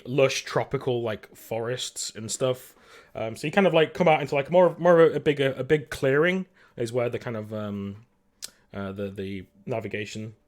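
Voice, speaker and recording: Halting man running a tabletop game. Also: medium pitch. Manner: halting, full of fillers and restarts. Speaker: game master.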